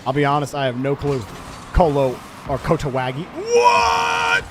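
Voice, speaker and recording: A man casting a live-streamed esports match, joking and chatting with viewers in an excitable way. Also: mid-range voice, a little fast, heavy background noise. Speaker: game commentator and streamer.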